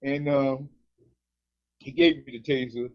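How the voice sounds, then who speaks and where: A man, co-hosting a casual podcast, telling animated stories and acting out voices. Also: medium pitch, slow. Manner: animated storytelling, acts out cops, swears a lot. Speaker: co-host. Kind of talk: casual comedic podcast banter. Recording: dull lo-fi recording.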